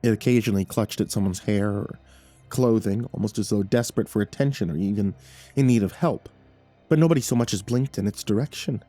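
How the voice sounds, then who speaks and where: Male horror narrator with a warm, dark tone; reads slowly and dramatically over quiet music. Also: lowish voice. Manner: measured and dramatic, with nervous stammered repeats. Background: faint background music.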